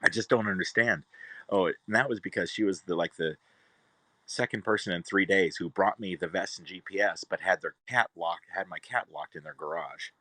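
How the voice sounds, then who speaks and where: A man's voice: low-pitched, normal speed, sharp tone, dry recording, rough recording. A man casually telling a rambling, exasperated story about his cat, now and then calling to his pets. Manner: chatty, exasperated, talks to his cats in between. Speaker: cat owner vlogger.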